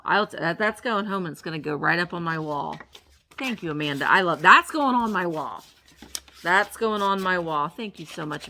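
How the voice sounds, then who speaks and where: A woman vlogger with a gravelly, bright voice, chatting through an unboxing in an unhurried way. She gushes over every item she pulls out and talks playfully to the little objects as if they could answer. Her pitch swings up and down with lively excitement. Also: slight background noise. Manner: gushing, exclaims over each item. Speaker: reseller vlogger. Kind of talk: casual unboxing chat.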